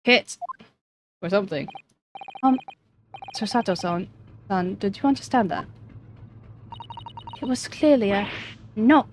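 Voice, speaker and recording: A woman's voice: medium pitch, animated, measured pace, long pauses, darkish tone, slight background noise. Woman streamer chatting over a game, self-mocking little asides, casual. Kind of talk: casual gameplay commentary.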